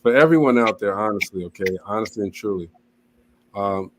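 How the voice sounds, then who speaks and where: A man's voice: on the low side, a little fast, a little hiss or hum. Joking man on a live stream. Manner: joking, laughing often. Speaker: co-host. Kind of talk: casual live-stream banter.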